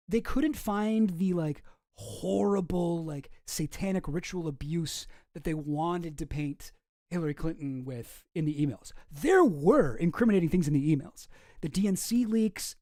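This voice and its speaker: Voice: medium pitch, dark tone, no room sound, clean studio sound. A streamer from Canada giving casual, profane, rambling political commentary with a sarcastic edge.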